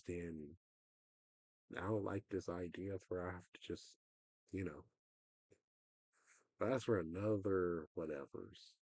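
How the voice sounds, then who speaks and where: A fairly low-voiced young man with a husky edge, rambling through a casual livestream rant. The sound is dry and close, with no room around it. His sentences wander and trail off in frustration. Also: mellow, dry recording.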